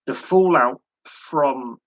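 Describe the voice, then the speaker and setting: A man's voice: medium pitch, very slow, no room sound, dull audio. A man hosting a live sports chat stream, talking in a rambling way with many fillers and repeated words. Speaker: host.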